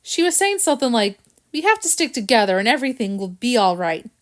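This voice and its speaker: A woman's voice: a little high, big pitch swings, quick pace. A woman voicing a clever, smug male cat detective who speaks in a dry, knowing way in a storybook. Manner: dry, knowing, smart-mouthed.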